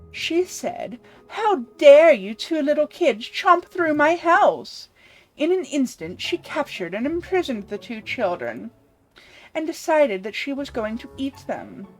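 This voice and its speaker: A woman voicing an evil but wise woman who reads a fairy tale in a measured storybook cadence. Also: sits high. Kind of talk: voicing game dialogue.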